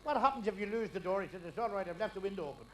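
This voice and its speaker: An older man telling stand-up jokes on stage, firing punchlines fast and dropping quietly into the characters' lines. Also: high-pitched, expressive. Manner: rapid punchline delivery, drops to quiet asides for quotes. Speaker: stand-up comedian. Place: live stage before a laughing audience. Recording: live crowd, faint hiss.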